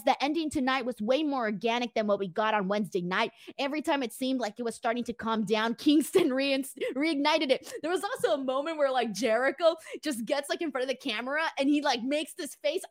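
A woman hosting a casual wrestling recap stream, reading viewer comments in a chatty, rambling way with casual swearing. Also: high voice. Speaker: wrestling show host reading chat.

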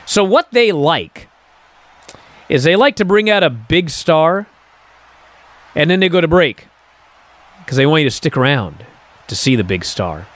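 A man's voice: on the high side, unhurried, long pauses. A male podcast host giving a casual, incredulous recap, filled with "uh" and "and so". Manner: animated, incredulous storytelling with many fillers.

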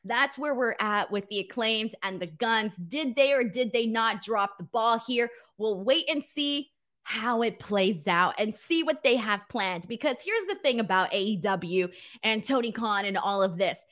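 Woman, live-stream host, bright higher voice, laughs a lot, casual swearing, playful. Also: animated, measured pace. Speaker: wrestling show host. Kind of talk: casual live-stream chat reading super chats.

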